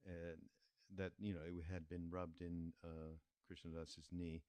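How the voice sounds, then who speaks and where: Deep-voiced older man telling a story. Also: little pitch movement, a little mellow, clear, resonant tone, no room sound. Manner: unhurried, halting with many fillers. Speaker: podcast host. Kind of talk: reflective storytelling.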